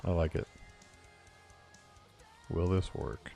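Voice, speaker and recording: Deep gravelly man chatting on stream. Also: takes it slowly, mellow, soft background music. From California. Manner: chatty, talks to viewers, laughs easily. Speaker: game developer streaming. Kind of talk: casual live-stream chat while coding.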